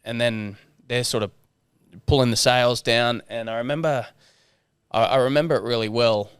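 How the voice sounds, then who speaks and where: An Australian man in his thirties, a guest on a casual podcast, telling stories in a relaxed way, swearing freely and acting out what others said. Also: mid-range voice, moderate pace, smooth, no room sound, clean studio sound. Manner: relaxed storyteller, swears freely, acts out quotes. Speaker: guest sailor.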